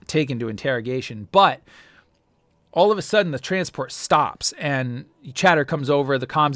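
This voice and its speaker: A man runs a tabletop role-playing game as game master, narrating in a loose, rambling way with many pauses. His mid-pitched voice is recorded dry and close. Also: no echo. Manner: rambling, filler-heavy narration.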